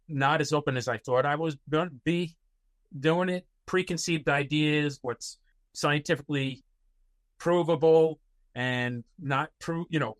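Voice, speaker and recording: A man's voice: mid-range voice, fairly bright tone, no echo. A man guest on a podcast, telling personal stories in a rambling way with many fillers and restarts. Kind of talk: casual interview storytelling.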